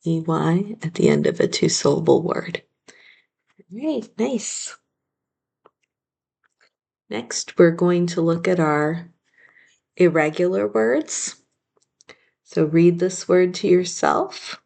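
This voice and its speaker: Slow, patient woman teaching phonics. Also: fairly low pitch, sing-song, gravelly, a little mellow. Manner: slow, patient, sounding out words. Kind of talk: phonics spelling lesson.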